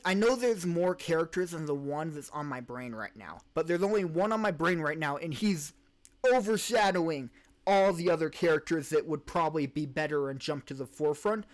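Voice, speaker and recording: Male podcast host, slightly high voice, casual live-stream Q&A, rambling, self-correcting, desk mic. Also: expressive, moderate pace. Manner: rambling, restarts and self-corrections while reading chat.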